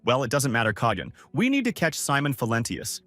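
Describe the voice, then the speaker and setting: A man's voice: medium pitch, wildly swooping pitch, a little fast, pushed and bright, no room sound, faint music behind, full character voice. A man reading as a scheming young student mage.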